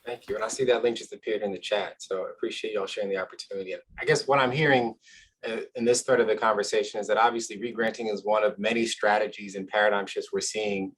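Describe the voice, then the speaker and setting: A man moderating a panel discussion over a video call, speaking in a measured, affirming way. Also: on the low side, steady tone, slightly rough, low-quality recording.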